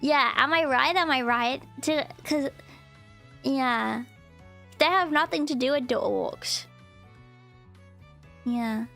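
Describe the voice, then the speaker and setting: A woman's voice: high-pitched, slow pace, vocal fry, pauses often, a bit bright, soft background music. A woman streamer chatting casually and playfully with her viewers, often thanking them. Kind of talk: casual live-stream chat.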